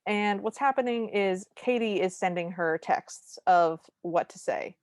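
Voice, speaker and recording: A woman's voice: medium pitch, a little slow, dry recording, studio quality. A woman co-hosting a podcast, recapping a movie in casual chat with wry, humorous asides. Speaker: podcast co-host.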